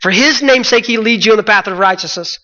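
An earnest male preacher delivers a sermon with a high, bright voice and repeats his phrases for emphasis. The dull sound carries a long echo from the church hall. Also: quick pace.

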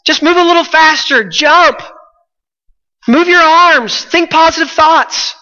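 A pushy, upbeat male boat-mate, as a preacher puts him on, calls out coaching tips in a very high, bright, tense voice. The sound is dull, with a long hall echo. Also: slow, heavily acted. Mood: cheering.

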